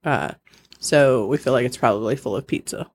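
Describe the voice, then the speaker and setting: A woman's voice: a bass voice, normal speed, a little mellow, slightly rough, no room sound. A middle-aged woman co-hosting a podcast in casual chat, rambling and laughing often. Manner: chatty, giggly, rambling. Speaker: podcast co-host.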